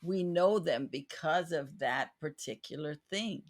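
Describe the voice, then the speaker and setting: A podcast host with a low voice and an unhurried pace leads a casual interview chat. She speaks earnestly and reflectively, often restarting her sentences.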